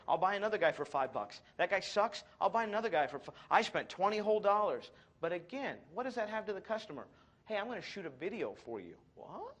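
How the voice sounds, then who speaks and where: Upbeat male seminar presenter, a touch high-pitched, with dry sarcasm and self-mockery. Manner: energetic, sarcastic and self-mocking. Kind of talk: live marketing talk to an audience.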